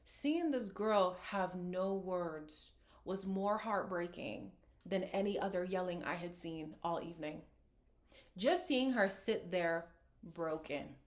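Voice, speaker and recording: A woman's voice: lowish voice, takes it slowly. A woman hosting a reality TV recap, talking casually and frankly and acting out what the cast said. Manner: candid, frank, acts out quoted lines. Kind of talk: casual reaction commentary.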